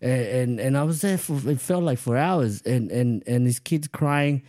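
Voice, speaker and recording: A man's voice: medium pitch, moderate pace, dark tone. A man from El Salvador, a guest telling rambling childhood stories in casual chat and swearing freely.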